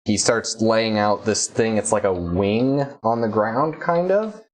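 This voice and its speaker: A man with a lowish voice runs a tabletop game, describing scenes for his players. He narrates in halting bursts, full of fillers and restarts. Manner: hesitant, filler-heavy narration. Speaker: game master.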